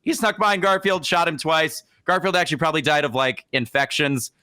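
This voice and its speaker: A man's voice: a little high, brisk, sharp tone, smooth. A young man co-hosting a podcast, telling a comic history story casually and slipping into exaggerated quoted voices. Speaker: podcast co-host.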